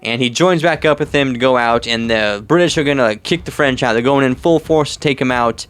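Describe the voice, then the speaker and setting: A man's voice: medium pitch, a little fast, smooth. A young man casually talking through a movie and what it means to him, rambling with many "like"s, "you know"s and restarts. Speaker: vlogger. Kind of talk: casual movie commentary vlog.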